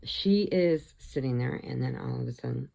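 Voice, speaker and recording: Speaking at normal speed in a very deep voice with vocal fry, this middle-aged woman recounts a film's plot vlog-style. She tells it with relaxed animation, performing the characters' lines and sometimes sinking into a whisper.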